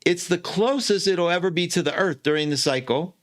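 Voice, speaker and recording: A man hosting an astrology show, explaining a chart in a chatty, animated way that keeps correcting itself, with easy laughs. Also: high voice, fairly quick. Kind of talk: casual teaching talk.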